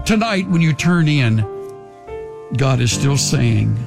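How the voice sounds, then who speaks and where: A man preaching a sermon in an earnest way, slowing down to linger on key phrases and dropping to a hush at times. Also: medium pitch, expressive, vocal fry, music in the background. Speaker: pastor.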